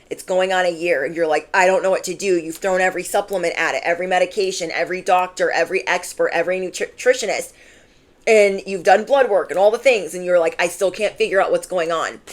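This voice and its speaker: A woman's voice: on the low side, a little fast. A woman giving a channeled tarot reading in an emphatic, chatty way, full of "like" and asides to the listener. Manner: emphatic, conversational, fillers. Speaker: tarot reader.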